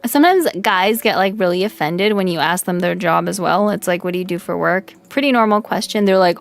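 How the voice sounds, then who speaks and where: A woman's voice: on the low side, fairly quick, vocal fry, over music. A woman streaming as a VTuber in casual, blunt chat, from Canada and filling her talk with "like" and "right?". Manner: blunt, chatty, filler-heavy with frequent "like" and "right?". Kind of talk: casual livestream chat reading viewer comments.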